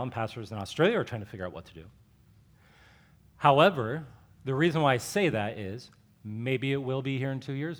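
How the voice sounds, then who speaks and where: A man preaching as a pastor in a church, animated, acting out dialogue with rising emphasis. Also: medium pitch. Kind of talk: sermon.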